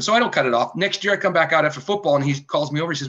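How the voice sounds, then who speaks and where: A man with a high-ish voice races through a personal story as a podcast guest, animatedly acting out the quoted dialogue in conversational storytelling. The recording sounds dull and lo-fi.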